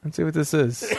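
High, lively sarcastic male podcast host. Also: vocal fry, background noise. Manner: wry, sarcastic reactions. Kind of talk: casual podcast banter.

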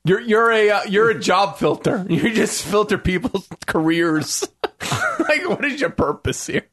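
Husky, high-voiced young male co-host, teasing, laughing, very lively. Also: measured pace. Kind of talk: casual crude comedy banter.

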